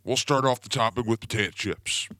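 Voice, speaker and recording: A man's voice: medium pitch, brisk, bright, forceful tone, dry recording, clean studio sound. A young man hosting a podcast, telling rambling goofy stories in a casual comedic monologue. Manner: rambling, goofy, self-promoting storyteller. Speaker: podcast host.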